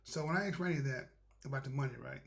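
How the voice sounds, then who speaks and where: A man's voice: mid-range voice, fast, vocal fry, a bit bright. A man hosting a motivational show, telling a rambling, folksy story about doing right and offering spiritual encouragement. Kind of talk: casual storytelling monologue.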